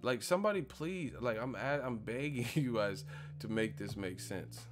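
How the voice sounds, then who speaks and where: A man's voice: mid-range voice, lively intonation, normal speed, soft background music. A man hosting a casual live stream, ranting with profanity and disbelief, often laughing at his own points.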